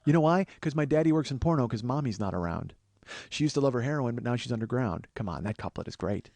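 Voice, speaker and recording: A man hosting a podcast, riffing in casual comedic banter, profane and building to loud enthusiasm. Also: mid-range voice, animated, quick pace, creaky. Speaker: podcast host.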